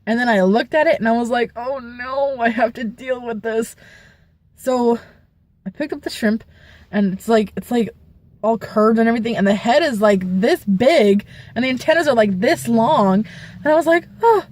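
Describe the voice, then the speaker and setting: A young woman vlogger telling a story casually, animated, with squeals and shrieks as she retells it. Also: a little high, normal speed, no room sound.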